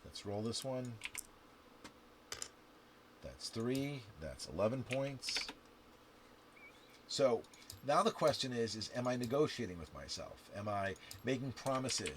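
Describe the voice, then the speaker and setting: A man playing a dice game on camera, counting scores aloud and chatting to the viewer with sudden loud outbursts. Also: medium pitch, unhurried, long pauses. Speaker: game instructor. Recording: steady background noise with clicks and typing.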